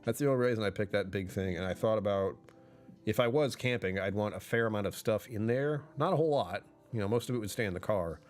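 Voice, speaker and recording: A man's voice: fairly low pitch, fast talker, darkish tone, soft background music. A man chatting casually on a livestream, rambling and correcting himself, often laughing mid-sentence.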